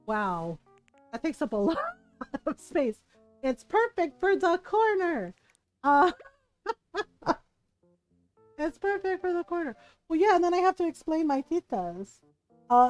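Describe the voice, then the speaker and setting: A woman with a high voice chats casually on stream while she plays a game. She tells stories in an animated way, laughs often and keeps asking "right?". Her voice sounds close and dry, with faint music underneath. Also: dry recording, poor audio. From United States. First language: bilingual in Tagalog. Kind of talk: casual chat while gaming.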